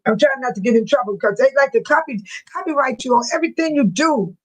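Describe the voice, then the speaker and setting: A woman talking loosely to her live-stream audience, her voice sitting a little high. She laughs often and slips into exaggerated impressions of other people. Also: expressive, fast, low-quality recording. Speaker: channel host. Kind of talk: casual live-stream chat.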